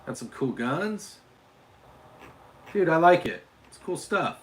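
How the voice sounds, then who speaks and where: A man's voice: on the high side, big pitch swings, slow pace, a little hiss or hum. A man from Utah hosting a casual livestream, chatting with viewers and often restarting and repeating his words. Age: adult father. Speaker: livestream host.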